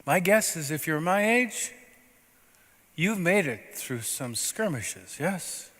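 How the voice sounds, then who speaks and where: A man's voice: a little high, sing-song, slow pace. Male pastor preaching in a reverberant church. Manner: storytelling, conversational preaching with sudden loud and soft turns. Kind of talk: sermon. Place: church sanctuary. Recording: long reverb of a church sanctuary.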